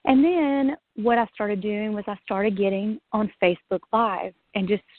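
A woman with a medium-pitched voice talks at normal speed as a guest in a casual interview, recounting her own story, acting out things she once said, and laughing often. She sounds lively, and the dry, phone-like line has no echo.

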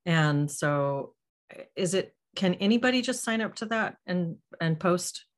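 A woman's voice: fairly low pitch, lively intonation, unhurried. A woman hosting a casual group live stream over a video call, friendly and rephrasing her questions as she goes. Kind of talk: casual group chat moderating.

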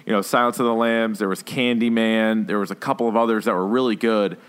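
An excitable man in his late thirties chatting casually as a podcast co-host. He talks with animated enthusiasm and swears freely. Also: on the low side, fairly quick, smooth. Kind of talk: casual chat.

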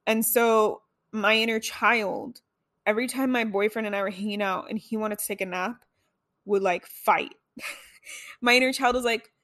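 A woman's voice: mid-range voice, fairly even intonation, unhurried, a bit bright, no room sound, clean studio sound. A young woman talking casually about self-reflection, full of "like" and "right?", with some swearing. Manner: chatty, lots of "like" and "right?". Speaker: self-help speaker. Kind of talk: casual monologue.

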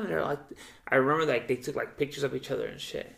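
A young man with a gravelly voice tells stories in a loose, casual podcast chat. He swears freely and acts out the people in his stories by jumping his pitch up and down. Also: fast, fairly bright tone. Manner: loose and profane, acts out quoted voices with big pitch jumps. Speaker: podcast co-host.

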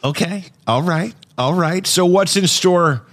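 A man's voice: high-pitched, unhurried, fairly bright tone. A man hosting a podcast, asking chatty, enthusiastic questions. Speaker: podcast host. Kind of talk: casual podcast interview.

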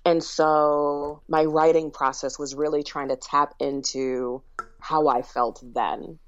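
Low-voiced woman on a dull, dry line. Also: fairly even intonation, no echo. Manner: thoughtful, candid, quick to laugh. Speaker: author and guest. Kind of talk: casual interview chat.

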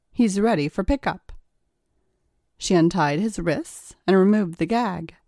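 A woman narrating an erotic story in a calm, measured storytelling manner. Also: lowish voice, no echo, clean studio sound.

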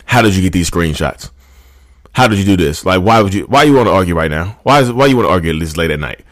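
A man voicing a defensive partner who deflects blame in a lowered, aggrieved tone. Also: animated, fast talker, dry recording, clean studio sound. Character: defensive gaslighting partner, adult.

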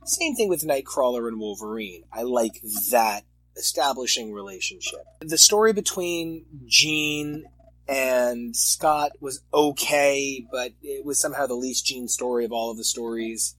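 A man in casual chat about comics, animated and often exasperated as he reviews the stories. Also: mid-range voice, a little slow, no room sound, low-quality recording. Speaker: comic podcast co-host.

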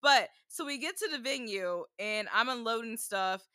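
A woman's voice: fairly high pitch, unhurried, bright, forceful tone, no echo, studio quality. A woman co-hosting a casual chat, telling a story with lots of "like" and loose, chatty phrasing. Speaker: podcast co-host, bride.

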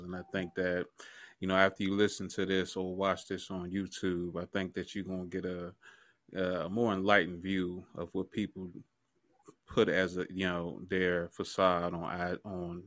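Deep-voiced laid-back podcast host. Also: male voice, moderate pace. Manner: relaxed, laid-back, chuckles between phrases. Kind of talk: casual podcast outro.

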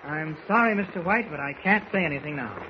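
An actor in a 1940s radio drama playing a calm, polite reporter who is soft-spoken, mild and reserved. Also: male voice, a little high, brisk, close to an everyday voice. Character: calm, guarded male reporter, polite and evasive. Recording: dull old radio recording with faint hiss.

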